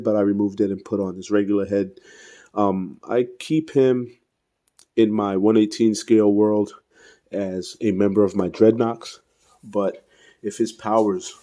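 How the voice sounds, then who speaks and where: A toy reviewer with a mellow, low-leaning voice casually reviews an action figure in an unscripted ramble. He's self-deprecating, full of fillers and restarts, and fumbles names he can't pronounce.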